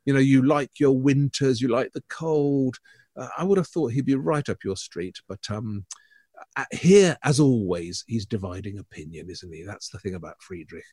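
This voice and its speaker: A Scottish man co-hosting a relaxed art podcast, chatty and teasing in tone. His voice sits in a middle register. It is recorded close and dry, with no room sound. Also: medium pitch, moderate pace, slightly rough, dry recording. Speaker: podcast co-host. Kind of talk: casual chat.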